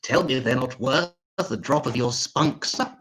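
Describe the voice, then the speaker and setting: A man's voice: mid-range voice, unhurried, a bit bright, husky. A man on a comedy set, voicing a needy woman in her fifties in a sad, weedy little voice. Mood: pleading. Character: needy woman of fifty-six begging for attention.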